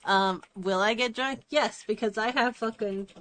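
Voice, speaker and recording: A woman's voice: a little high, measured pace, fairly bright tone. A woman hosting a podcast in casual chat, blunt and dry-humored, swearing freely. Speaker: podcast host.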